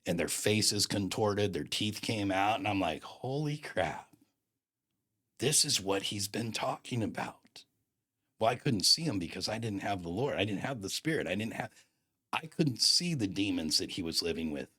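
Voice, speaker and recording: A man's voice: on the low side, expressive, moderate pace, fairly bright tone. A man in his fifties telling a personal story in a casual, slangy, emphatic way, acting out the dialogue. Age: 50s.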